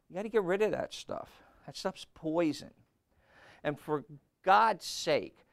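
A man in his sixties preaching a sermon, blunt and emphatic, repeating phrases and rising to loud outbursts. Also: sits high, expressive, normal speed, gravelly. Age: 60s.

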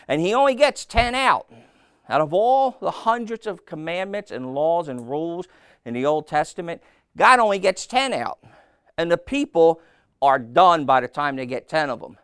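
A man preaching a sermon, telling a story with lively, playful asides and asking his listeners questions. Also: fairly high pitch, moderate pace, clean tone, no room sound, studio quality. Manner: animated storytelling, acting out voices, asks the crowd questions.

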